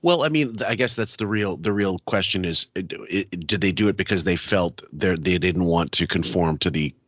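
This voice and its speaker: A man talks casually on a podcast, searching for words and restarting often. His voice is very low. The sound is dry and close. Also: normal speed, a bit bright, no echo. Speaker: podcast co-host. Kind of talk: casual chat.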